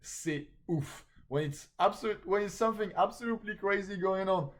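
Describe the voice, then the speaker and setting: Man, fairly high voice, lively live-class slang teacher who keeps asking "okay?". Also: normal speed. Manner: animated, repeats "okay?" after each point.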